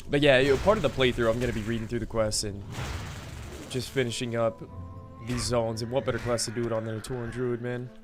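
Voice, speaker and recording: A man streaming a game, chatting casually to viewers, relaxed and laughing often, calling people "dude" and "man". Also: medium pitch. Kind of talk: casual live-stream chat. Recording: game music underneath. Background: game music.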